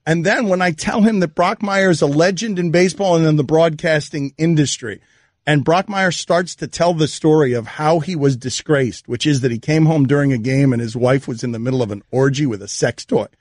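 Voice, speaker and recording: A man hosting a sports radio talk show, telling stories quickly and animatedly, laughing as he goes. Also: fairly high pitch, no room sound, studio quality. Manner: fast, animated storytelling with laughter. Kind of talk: casual sports radio banter. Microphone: studio microphone.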